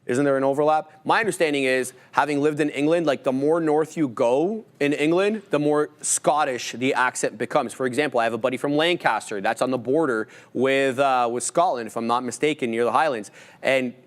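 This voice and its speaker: A man's voice: mid-range voice, a little fast. A man co-hosting a live trading stream, chatty and musing, often asking questions as he talks.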